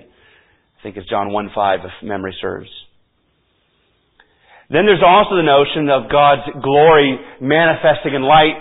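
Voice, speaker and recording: A man preaching a sermon as pastor, emphatic and repeating key phrases for stress. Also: mid-range voice. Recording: tinny phone-like audio.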